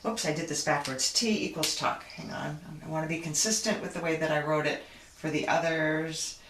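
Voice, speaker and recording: A woman's voice: low-pitched, fairly even intonation, normal speed, a little hiss or hum. A woman teaching a frame drum class over a video call, patient and chatty, thinking aloud as she explains. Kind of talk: online drum lesson. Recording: roomy, distant, loud drumming behind.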